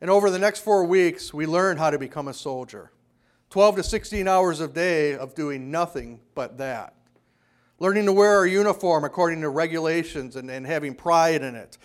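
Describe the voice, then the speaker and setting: A man preaching a sermon, telling a story from his own time in the army and lowering his voice to quote a drill sergeant. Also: normal speed. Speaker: pastor.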